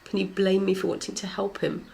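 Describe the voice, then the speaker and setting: A woman's voice: mid-range voice, monotone, a little fast, gravelly, warm tone, a little hiss or hum, close to an everyday voice. An actress playing a woman who defends her troubled relationship earnestly in a TV drama. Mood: defensive. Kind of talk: TV drama acting.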